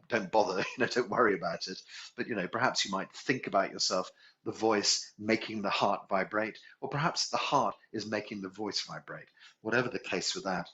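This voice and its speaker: A man with a lowish, sharp-toned voice teaches a healing class in a relaxed spoken way, musing aloud, correcting himself, and chuckling as he goes. The recording is dull and lo-fi.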